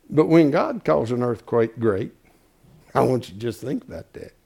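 A man preaching a folksy sermon, swinging from hushed asides to shouting. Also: medium pitch, sing-song, unhurried, vocal fry, husky.

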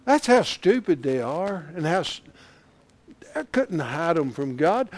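A preacher with a high-pitched voice delivers a sermon. He swings from hushed storytelling to fervent, loud shouting and laughs between lines. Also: big pitch swings, unhurried, dry recording. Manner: builds to loud impassioned shouting, with chuckles.

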